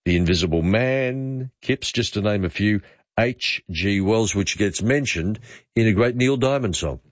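A man in his fifties with an Australian accent, hosting talkback radio with chatty quick asides. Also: lowish voice, animated, no room sound. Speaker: radio host. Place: radio studio. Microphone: studio mic. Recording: slightly dull dry studio sound.

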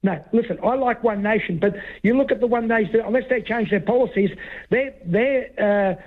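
A man's voice: sits high, normal speed. Heated male caller on a phone line. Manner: rambling, stumbling, talks over the host. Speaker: radio caller. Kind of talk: heated talkback call.

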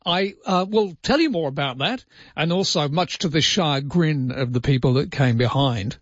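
A man's voice: mid-range voice, a little fast, lo-fi sound, a little hiss or hum. An Australian man hosting a talkback radio show, chatting and joking casually with listeners in a studio. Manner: jokey, chatty, rambling. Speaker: radio host. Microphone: studio microphone.

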